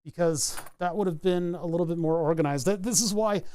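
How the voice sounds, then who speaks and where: Soldering a circuit board, a man from New England who streams his electronics hobby chats casually and rambles through each step. His voice sits high and is warm and smooth, moving a little fast.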